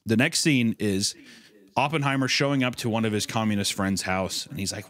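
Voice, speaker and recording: Animated rambling male podcast host. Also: lowish voice, normal speed. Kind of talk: casual chat.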